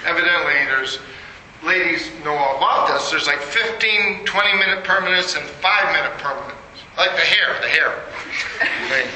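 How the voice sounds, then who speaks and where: A man's voice: a little high, sharp tone. A man giving an interactive lecture, quizzing the audience and making joking asides. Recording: echoey room with noise.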